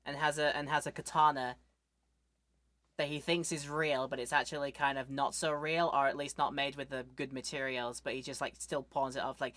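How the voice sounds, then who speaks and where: A woman streamer giving casual gameplay commentary, rambling and joking with quick asides. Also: rumbling low, level tone, fairly bright tone, no room sound.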